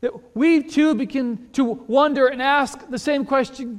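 A male pastor preaching a sermon in a church, conversational and animated, full of rhetorical questions and repeated words. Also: extremely high pitch, unhurried, few pauses. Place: church sanctuary. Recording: long reverb of a large hall.

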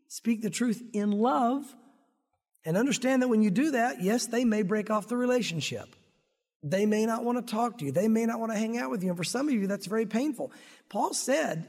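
A man's voice: very high-pitched, darkish tone, long reverb tail. A male pastor preaching an earnest sermon to his congregation, growing emphatic at points. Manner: earnest, rises to emphatic when confronting sin.

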